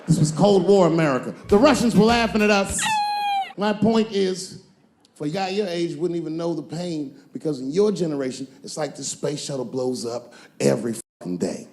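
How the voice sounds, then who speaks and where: A middle-aged man doing profane, animated stand-up storytelling on stage before a live audience. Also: on the high side, normal speed, a little hiss or hum. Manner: animated, profane, acts out voices. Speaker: stand-up comedian. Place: comedy stage before a crowd. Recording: live club set with loud audience.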